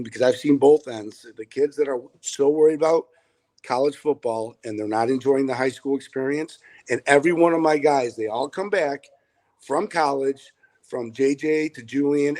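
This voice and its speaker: A middle-aged man, a high school football head coach, answering interview questions over a video call in an earnest, rambling way with many restarts. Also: darkish tone, poor audio.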